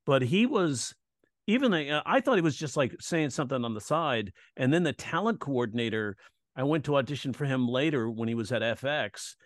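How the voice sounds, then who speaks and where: A man's voice: mid-range voice, fairly quick, no echo, studio quality. A man, a comedian and comedy coach, telling stories in a casual interview and acting out the voices of the people he quotes. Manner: animated, acts out quoted voices. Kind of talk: casual storytelling chat.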